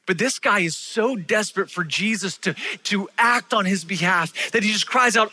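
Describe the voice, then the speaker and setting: A man preaches a sermon with a high, bright, ringing voice. He tells stories with energy and acts out the voices of the people in them. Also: moderate pace, hardly any pauses, breathy edge. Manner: animated storytelling, acting out voices of people in the stories. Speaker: pastor.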